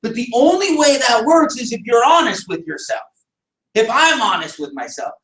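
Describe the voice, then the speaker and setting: Running a team meeting, a man with an extremely high-pitched, sing-song and somewhat bright voice speaks at a moderate pace, pushing motivation with emphatic rhetorical questions and occasional shouting. The echoey meeting room is picked up from some distance.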